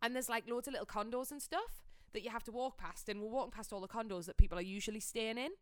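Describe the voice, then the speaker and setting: Fast-talking young woman storyteller. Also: on the high side, clean tone, dry recording, studio quality. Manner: animated, swears freely, giggly. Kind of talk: casual chat, anecdote telling.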